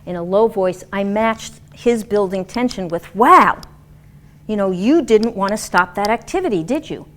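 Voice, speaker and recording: A woman lecturing a class on dance and movement therapy in an animated, demonstrative way, acting out example voices. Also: medium pitch, normal speed, few pauses.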